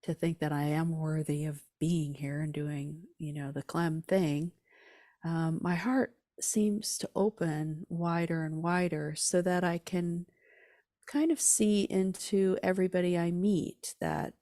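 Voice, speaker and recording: A woman's voice: lowish voice, fairly even intonation, a little slow, dark tone, no echo, clean studio sound. A woman guest on a podcast, speaking earnestly and reflectively about her inner life. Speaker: author and musician guest. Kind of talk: reflective interview talk.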